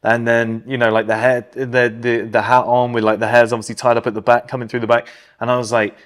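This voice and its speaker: A man with a neutral British accent, co-hosting a casual podcast and telling stories in a blunt, animated way full of "like" fillers. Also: mid-range voice, quick pace. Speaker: podcast co-host.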